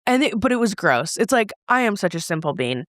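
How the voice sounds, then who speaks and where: A woman from Canada co-hosting a podcast in casual chat, animated and blunt, swearing freely. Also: mid-range voice, a little fast, no echo, clean studio sound. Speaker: podcast co-host.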